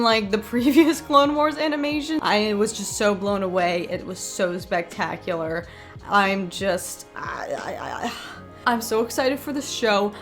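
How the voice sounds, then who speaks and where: A woman giving a chatty, unscripted episode review in a tired late-night voice, gushing and saying "like" a lot. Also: on the high side. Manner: chatty and gushing, with many filler "like"s.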